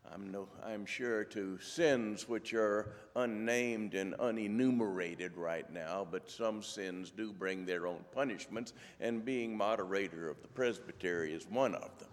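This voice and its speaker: Brief: man at a church lectern, unhurried scripture reading with dry wit, voice in the middle range, long hall echo. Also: fairly low pitch. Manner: slow, measured, dry humor. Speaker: lay church speaker.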